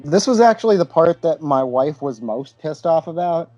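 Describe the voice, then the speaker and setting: A man's voice: a little high, expressive, normal speed, warm tone, dry recording, dull audio, faint music behind. A man co-hosting a casual movie podcast, making dry wisecracks and retelling scenes. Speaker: podcast co-host. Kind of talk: casual chat.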